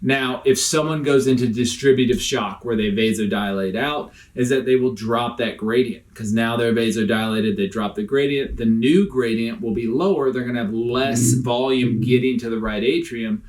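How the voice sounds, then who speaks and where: A man's voice: mid-range voice, normal speed, few pauses, darkish tone. A man explaining critical care medicine in a recorded lecture over slides, casual and explanatory, with frequent fillers.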